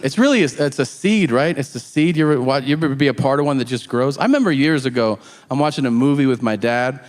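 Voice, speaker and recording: A man's voice: medium pitch, quick pace. A middle-aged man performing stand-up, telling a story and acting out both sides of the dialogue. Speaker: stand-up comedian. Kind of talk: stand-up routine. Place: theater stage with live audience. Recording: live hall reverb, audience noise.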